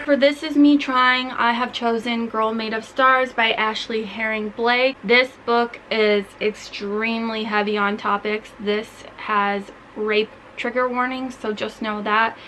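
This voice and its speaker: Bright, gushing young woman book vlogger. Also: a little high, steady tone, measured pace, hardly any pauses, slight background noise, poor audio. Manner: gushing, chatty, heavy use of "like". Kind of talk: casual book recommendations.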